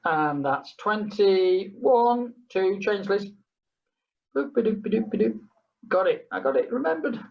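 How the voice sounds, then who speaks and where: A woman's voice: medium pitch, a little mellow, dull audio. Chatty fitness instructor woman. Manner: chatty, counts down, hums playful sounds. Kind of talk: leading a group exercise class.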